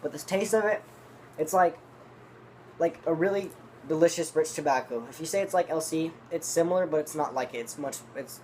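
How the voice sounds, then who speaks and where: A man's voice: on the high side, a little fast, a little mellow, a little hiss or hum. A man telling a long, rambling story in casual, profanity-laden talk, reviewing dip tobacco. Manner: rambling, profane, restarts often.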